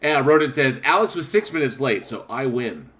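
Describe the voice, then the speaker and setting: A man's voice: mid-range voice, lively intonation, moderate pace, a bit bright. A man hosting a casual podcast, reading viewer comments aloud with frequent laughter. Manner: reads chat comments aloud, laughs often. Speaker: podcast host. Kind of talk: casual chat.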